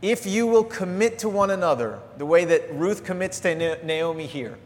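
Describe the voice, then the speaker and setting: A middle-aged man preaches a sermon in a church sanctuary, his voice sitting a little high for a man. He swings between lively exhortation and soft, confessional asides. The sound carries a long reverb from the hall. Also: moderate pace. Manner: energetic preaching, animated, drops to soft asides. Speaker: pastor.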